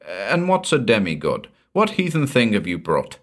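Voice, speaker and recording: A man's voice: lowish voice, huge pitch swings, normal speed, fairly bright tone. A man reading the part of an old, dour and loyal manservant in a storybook. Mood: earnest.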